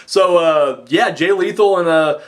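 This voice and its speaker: A man rambling excitedly through a wrestling show recap, acting out quotes with big jumps in his voice. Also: a little high, a little slow. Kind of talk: casual recap monologue.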